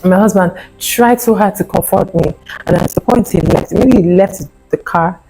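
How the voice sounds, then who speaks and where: A woman's voice: medium pitch, normal speed, vocal fry, dark tone, faint music behind, rough recording. A woman in her thirties telling her personal fertility story in an earnest, emotional way. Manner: earnest, emotional retelling with acted quotes. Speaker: vlogger sharing a fertility testimony.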